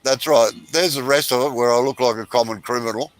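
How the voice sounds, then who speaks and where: A man's voice: mid-range voice, fairly quick, poor audio. Joking older Australian man on a call. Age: 70s. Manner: joking, chatty, gently teasing. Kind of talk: casual chat. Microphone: video call.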